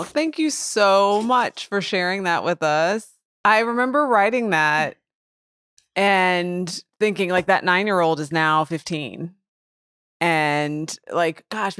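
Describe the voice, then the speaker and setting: A woman's voice: mid-range voice, expressive, unhurried, a bit bright, no room sound, studio quality. A woman guest, an author and researcher, talking casually in a chatty way with lots of filler words. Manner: chatty, with frequent "like" fillers and restarts. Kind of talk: casual conversation.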